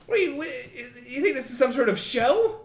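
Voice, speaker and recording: Woman doing a high, flustered office boss. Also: big pitch swings, fairly quick, crowd noise. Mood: indignant. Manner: stammering, panicky. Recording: roomy echo.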